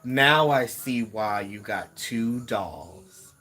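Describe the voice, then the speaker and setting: A man's voice: mid-range voice, expressive, drawn-out words, bright, forceful tone. A man giving a casual spiritual card reading to viewers, musing aloud and repeating words as he searches for messages. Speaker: tarot reader.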